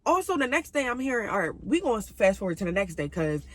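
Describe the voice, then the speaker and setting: Animated slangy young woman vlogger. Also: fast. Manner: animated, slangy, jumps between high and low pitch. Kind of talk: casual storytime.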